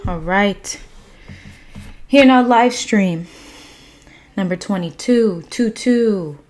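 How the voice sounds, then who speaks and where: A woman hosting a spiritual livestream, greeting viewers by name and guiding a meditation with calm, gentle affirmations. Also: mid-range voice, slow pace. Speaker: livestream host and meditation guide. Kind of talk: casual livestream chat and guided meditation.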